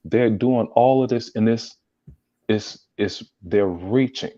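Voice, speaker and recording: A man's voice: on the low side, takes it slowly, warm tone, no echo. A man joining as a guest in a casual chat, laid-back and rambling with restarts. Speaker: podcast guest. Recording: dull dry lo-fi sound.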